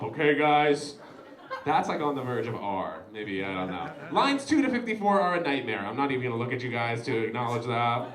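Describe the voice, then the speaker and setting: A young man doing stand-up at a live comedy show, his voice high and bouncing all over the place. He talks straight to the crowd in an animated, chatty way, and the room sounds big and echoey around him. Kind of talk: stand-up set with crowd work.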